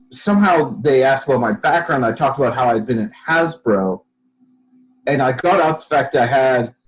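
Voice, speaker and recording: The recording is low-quality, and the man's voice is mid-range as he shares a story on a podcast in a casual interview. Animated throughout, he acts out other people's lines along the way.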